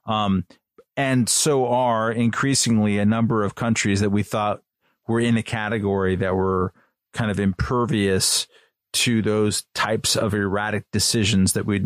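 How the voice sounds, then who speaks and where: A man's voice: on the low side, no echo, clean studio sound. A man giving rambling, filler-heavy commentary on a podcast panel. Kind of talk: casual chat.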